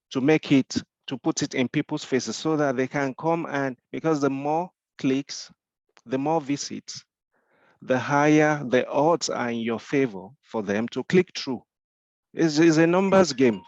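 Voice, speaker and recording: A man's voice: medium pitch, vocal fry, no echo, muffled recording. A man with a Nigerian accent, mentoring in a Q&A discussion, explaining with rhetorical questions and frequent repeated restarts.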